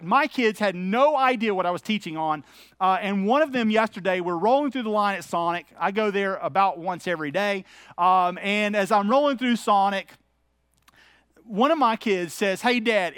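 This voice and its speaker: A man's voice: sits high, fairly bright tone, no echo, studio quality. A middle-aged man, preaching a sermon as pastor in a candid, conversational, anecdotal way.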